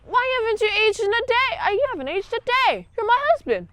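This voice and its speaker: Woman doing a squeaky melodramatic old wife, heartbroken and frantic, super dry sound. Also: sing-song, fast talker, fairly bright tone, no echo, full character voice. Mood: pleading. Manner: shrill, melodramatic, high put-on squeal.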